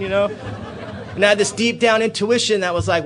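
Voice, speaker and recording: A man tells his recovery story to a meeting in a hotel convention room, his voice sitting slightly high for a man. He swears casually and plays up the drama, jumping between loud, excited bursts and low, quiet confessions. A faint steady hum sits under the talk. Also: quick pace. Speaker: AA speaker.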